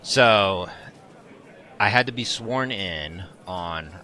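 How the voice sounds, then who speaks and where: A man co-hosting a podcast, telling a story in a casual, animated way and laughing often. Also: fairly low pitch, extremely slow. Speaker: podcast co-host.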